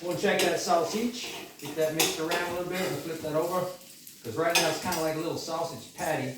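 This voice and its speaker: Man, fairly high voice, folksy cooking chat, very echoey kitchen, mic far off, pans and utensils clattering. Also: brisk, very noisy. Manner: folksy, chatty, talks through each step. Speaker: home cook. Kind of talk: casual cooking demonstration.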